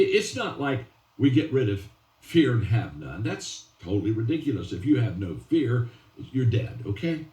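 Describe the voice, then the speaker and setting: A man's voice: fairly high pitch, darkish tone. A man giving a motivational talk with stories, stressing and repeating key phrases and restarting his sentences often. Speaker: motivational speaker. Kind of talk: motivational speech with storytelling. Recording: roomy and distant from the mic.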